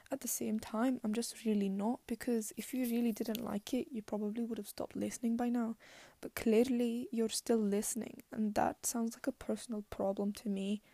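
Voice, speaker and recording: A young woman from London hosting a podcast in a put-on Scottish accent, rambling and chatty and drifting into soft half-whispered asides. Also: on the high side, vocal fry, no room sound. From London, England. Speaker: podcast host. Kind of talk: rambling solo monologue.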